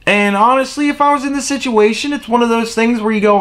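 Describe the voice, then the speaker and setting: A man's voice: very high voice, fast, few pauses, fairly bright tone. A man delivering an exasperated, profane opinion rant on his vlog, with sarcastic asides. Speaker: vlogger.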